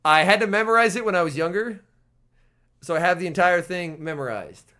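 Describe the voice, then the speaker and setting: A man streaming a game and chatting with viewers, his voice hoarse and strained, reacting excitably to the play. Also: high-pitched, fairly quick. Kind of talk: casual gaming livestream chat.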